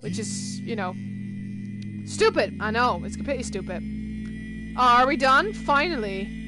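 A young woman streams a game live, talking in a high voice that rambles and swears when flustered. Loud game music plays beneath her the whole time. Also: animated, moderate pace. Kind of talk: live gameplay commentary.

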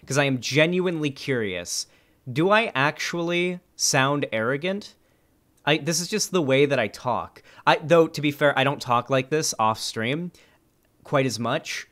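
A young male streamer with a fairly high voice reads online comments aloud at a measured pace. He reacts with animated, sarcastic commentary and swears freely.

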